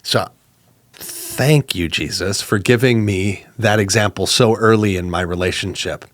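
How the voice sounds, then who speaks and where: Low-voiced man telling a story on a podcast. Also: unhurried, no echo. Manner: animated, acts out quoted exchanges with jumps in pitch; conversational, with many fillers and restarts. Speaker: podcast co-host. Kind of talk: casual storytelling.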